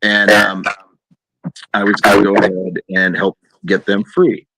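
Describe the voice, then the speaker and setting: A man's voice: measured pace, slight background noise. A man telling a long story in a casual chat, acting out quoted people in a raised voice. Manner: animated, acts out quoted voices in a higher pitch.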